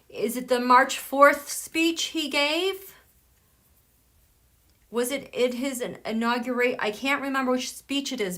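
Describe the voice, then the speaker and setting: A woman's voice: high-pitched, fairly bright tone. A woman hosting a live tarot stream, chatting casually with viewers and reading their comments aloud. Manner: chatty, reads viewer comments aloud, recites quotes slowly.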